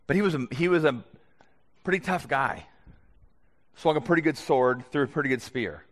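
A man preaching a sermon as pastor in a conversational way that grows animated at times. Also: a little high, moderate pace. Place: church sanctuary. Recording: long echo of a church hall.

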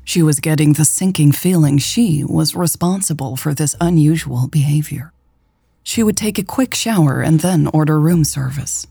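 A woman narrating a romance story in a calm, even storytelling voice. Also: low-pitched, normal speed, gravelly, husky, dry recording, clean studio sound. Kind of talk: scripted audiobook narration.

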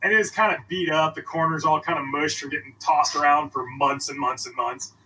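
A man chatting on a podcast, telling animated stories and acting out quoted exchanges. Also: fairly high pitch, fairly quick, breathy edge. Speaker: podcast guest, reptile book author. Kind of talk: casual podcast chat. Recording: distant mic with faint background noise.

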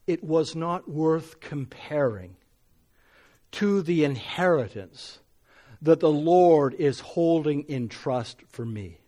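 Middle-aged male preacher, slightly high voice, earnest storytelling sermon that swells into forceful emphasis. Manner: earnest, rising to emphatic when reading scripture.

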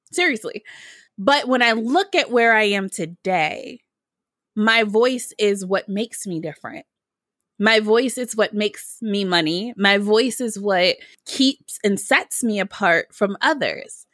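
A woman's voice: medium pitch, animated, unhurried, fairly bright tone, no room sound, studio quality. A woman from Michigan hosting a podcast interview, chatting casually and drawing on her own stories. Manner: upbeat, reflective, draws on personal stories. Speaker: podcast host.

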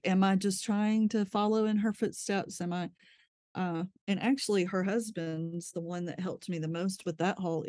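A woman's voice: lowish voice, warm tone, dry recording. A woman speaks as an interview guest, telling her story openly. She laughs easily and trails off to restart her thoughts. The recording is dry and close. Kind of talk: candid conversational storytelling.

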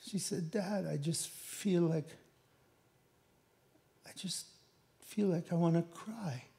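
A middle-aged man giving an emotional personal testimony, halting and repeating words as he searches for them. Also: on the high side, a little mellow. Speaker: missionary speaker.

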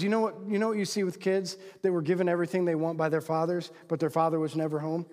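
High-voiced man preaching in a reverberant hall. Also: darkish tone. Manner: conversational, rhetorical questions to the crowd; acts out quoted voices with big pitch swings. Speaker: pastor. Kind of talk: sermon to men.

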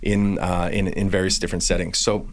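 A man's voice: low voice, little pitch movement, a little fast. A Canadian man hosting a podcast interview, chatty and affirming, with frequent "yeah" and "hmm". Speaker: podcast host.

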